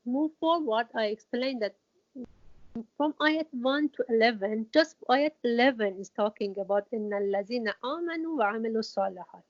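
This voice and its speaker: Woman, lesson delivery, halting and repetitive, somewhat high voice, muffled recording. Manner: hesitant, many restarts and fillers, repeats key words for emphasis. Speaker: Quran teacher. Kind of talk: explanatory lesson. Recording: dull lo-fi recording.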